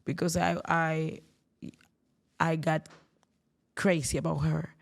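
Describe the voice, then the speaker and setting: A woman from Cuba with a Cuban Spanish accent talks as a guest singer, slow and unhurried, hunting for her words. Her voice is gravelly and sleepy, sitting a little low. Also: flat delivery. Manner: thoughtful, searching for words. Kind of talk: casual interview chat.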